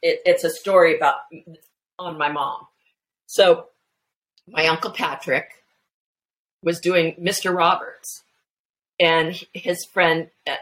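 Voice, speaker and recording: A woman guest telling family anecdotes in a casual, animated way, full of restarts and fillers. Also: lowish voice, poor audio. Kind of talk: casual storytelling chat.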